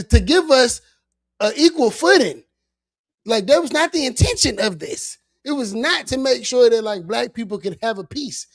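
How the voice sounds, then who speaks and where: A man co-hosting a podcast, talking casually about politics in a halting, incredulous way. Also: very high voice, a bit bright, dry recording. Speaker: podcast co-host.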